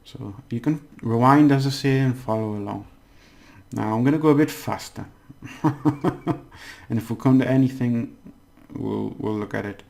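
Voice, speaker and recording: A man giving a casual Spanish lesson, patiently repeating words slowly syllable by syllable. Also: mid-range voice, creaky, a little mellow. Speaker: Spanish language teacher. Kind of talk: casual spoken language lesson.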